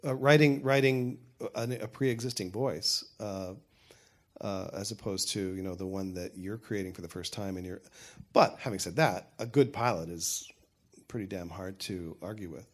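A man's voice: deep voice, normal speed. An older man, a television showrunner, answering audience questions in a frank, rambling way with many restarts. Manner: rambling, self-correcting, frank. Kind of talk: panel Q&A talk.

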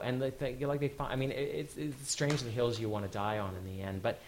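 A man talking as guest at a live onstage interview, lively and full of quick restarts. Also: medium pitch, slight background noise. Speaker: showrunner guest. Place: event hall with audience.

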